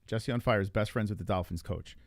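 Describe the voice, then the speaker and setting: His pitch fairly low and his pace a little fast, the host spins casual, rambling stories with lots of animation and free swearing. It's a clean studio recording without any echo.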